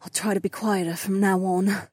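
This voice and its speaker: A man voicing a teasing young woman in a story, speaking softly and breathily with sighs. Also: high-pitched, flat delivery, dry recording, clean studio sound, pitched above the performer's own voice. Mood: breathy teasing. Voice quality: breathy, soft. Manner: slow, sighing, murmured.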